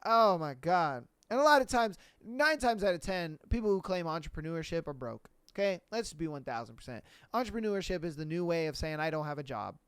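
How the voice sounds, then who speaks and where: His voice sits high and moves fairly quickly with hardly any pauses as this solo podcast host launches into a casual, profane rant. The tone is clean, the recording dry, and he's blunt and animated, heavy on slang.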